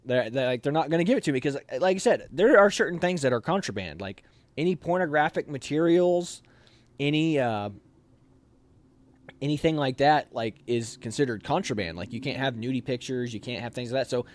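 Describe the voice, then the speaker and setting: Young man telling an animated story. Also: mid-range voice, brisk, no room sound. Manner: animated, acts out quoted voices. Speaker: officer candidate interviewee. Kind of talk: casual storytelling.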